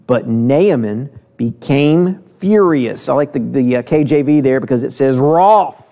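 A man preaching a sermon in a church, reading scripture with lively acted voices and then talking plainly to the congregation with direct questions. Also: medium pitch, unhurried, muffled recording. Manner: asks the listeners direct questions.

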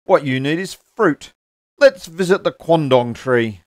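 A man's voice: fairly high pitch, expressive, unhurried, dry recording, studio quality, voice pushed up. A man doing Tina, an overeager helpful tree. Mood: eager. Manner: bright, bouncy, exclaiming, puffs when tired. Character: eager helpful female tree, overkeen.

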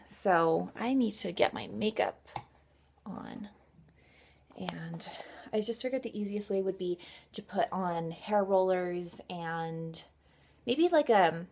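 A woman's voice: medium pitch, darkish tone. A young woman chatting casually in her home vlog, giggly and full of "like" and "um". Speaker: beauty vlogger.

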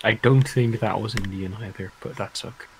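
A man's voice: lowish voice, brisk. A young man gaming with friends, teasing them and swearing freely in casual chat. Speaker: gamer. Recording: noisy mic with clicks.

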